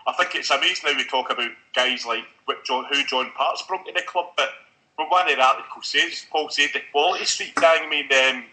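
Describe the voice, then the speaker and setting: Bright-voiced man telling stories. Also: mid-range voice, a little fast, poor audio. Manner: storytelling, quotes at length. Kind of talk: casual chat.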